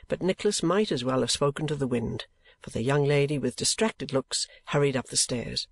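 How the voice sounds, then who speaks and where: A man reading a classic novel aloud as an audiobook, in measured, even scripted narration. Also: medium pitch, dry recording. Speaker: audiobook reader.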